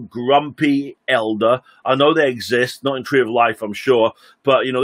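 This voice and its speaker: Man, pastor, sermon storytelling, husky voice, slightly high pitch, acts out quotes. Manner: animated storytelling with acted-out quotes.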